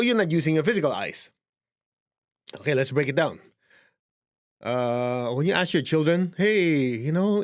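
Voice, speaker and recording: A man with a Chinese accent giving a casual, conversational spiritual lesson, chuckling now and then as he explains. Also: on the high side. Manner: conversational, chuckling, shows a book to camera. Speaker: spiritual teacher. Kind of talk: casual teaching talk to camera.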